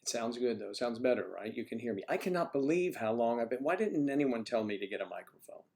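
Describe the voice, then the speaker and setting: He talks fast with lively intonation and vocal fry, his medium-pitched voice darkish in tone. Hosting a casual livestream from home despite a cough, he rambles and jokes around with his viewers. His stand-mounted microphone keeps getting adjusted.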